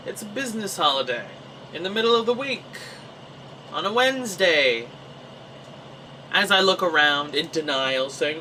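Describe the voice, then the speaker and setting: A young Canadian man telling a personal story in a casual, animated way, acting out his own reactions. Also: fairly high pitch, normal speed, pauses often, far from the mic, slight background noise, low-quality recording. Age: young adult. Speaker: vlogger.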